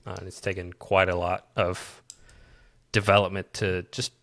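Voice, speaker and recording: A man's voice: low-pitched, little pitch movement, moderate pace, a bit bright, dry recording, studio quality. A man with a Midwestern accent, co-hosting a casual tech podcast and explaining his project at a rambling pace with frequent restarts. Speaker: podcast co-host and developer.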